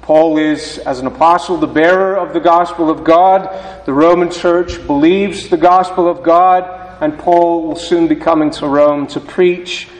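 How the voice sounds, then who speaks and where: A man preaching as a pastor, reading scripture and then giving a sermon in a slow, deliberate way with halting restarts. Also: on the high side, fairly even intonation. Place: church sanctuary. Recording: roomy church reverb, voice from a distance.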